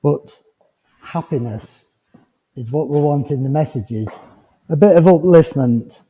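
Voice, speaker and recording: A man giving a mediumship demonstration to a congregation, talking in a chatty, rambling and gently reassuring way. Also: fairly high pitch, unhurried. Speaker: spiritualist medium. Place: village hall. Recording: dull lo-fi recording with long hall reverb.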